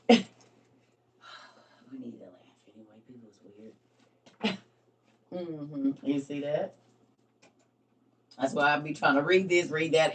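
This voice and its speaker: A woman with a deep voice, heard far from the mic, hosts a live stream. She casually reads scripture aloud, discusses it with her viewers, and laughs at her own slips.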